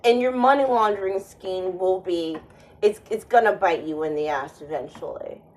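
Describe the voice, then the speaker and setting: A woman's voice: mid-range voice, normal speed, darkish tone, poor audio. A woman vlogger in a casual monologue, rambling and sardonic, often restarting her sentences.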